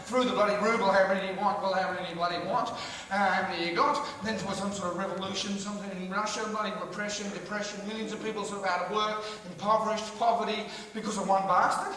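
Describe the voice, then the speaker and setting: A man's voice: sits high, steady tone, fast. A man doing a rambling, sweary live stand-up rant and riffing with the crowd. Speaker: stand-up comedian. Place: large theatre hall. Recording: echoey hall recorded from far off with loud noise.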